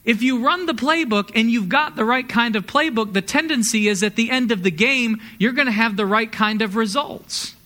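Man, pastor, sermon, high-pitched, bright tone, conversational, energetic. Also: normal speed, hardly any pauses. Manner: conversational, energetic preaching with sports metaphors.

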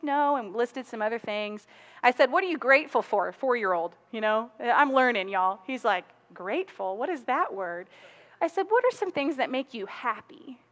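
A woman's voice: fairly high pitch, a bit bright. A woman, preaching a sermon in a conversational storytelling way and laughing often. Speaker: pastor.

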